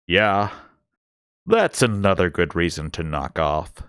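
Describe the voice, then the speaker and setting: A man voicing a weary middle-aged scientist who mutters slowly to himself, read in a storybook style. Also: low voice, lively intonation, fairly bright tone, smooth, no room sound, studio quality, heavily acted. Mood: grumbling.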